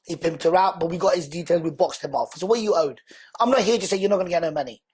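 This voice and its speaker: A man, a podcast guest, telling his story in a lively, conversational way and acting out the dialogue. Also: high voice, fast talker, husky. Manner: animated, acts out quoted dialogue.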